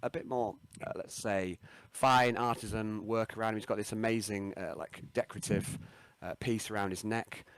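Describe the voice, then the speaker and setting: A man narrating as game master of a tabletop game, rambling with many pauses and restarts. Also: on the low side, fairly even intonation, smooth, dry recording.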